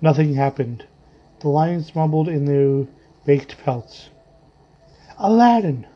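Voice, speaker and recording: A man narrating a story in a measured, dramatic reading style. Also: a little high, flat delivery. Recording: dull lo-fi audio with faint music.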